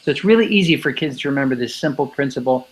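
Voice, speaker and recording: A man who speaks and teaches about bullying answers interview questions emphatically, acting out the voices of the kids he quotes. His mid-range voice has lively intonation and a quick pace. The audio is poor.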